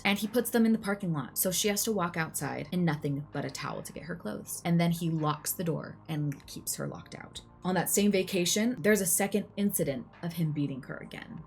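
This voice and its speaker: A woman's voice: fairly low pitch, gravelly, slight background noise. A young adult woman casually retelling a true crime case to her viewers, chatty and full of "like" and "you know" asides.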